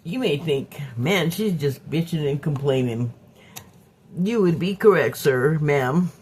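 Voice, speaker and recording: A woman telling a personal story to camera in a casual monologue, animated and candid, swearing freely and acting out both sides of an argument. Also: sits low, slow pace, a little hiss or hum. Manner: acts out both sides of a quarrel in quoted voices. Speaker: vlogger.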